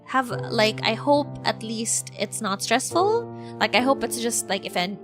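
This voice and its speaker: A woman's voice: expressive, moderate pace. Bubbly woman streamer. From Philippines. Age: 20s. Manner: chatty, bubbly, lots of fillers and sudden high exclamations. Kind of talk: casual livestream chat. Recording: background music playing.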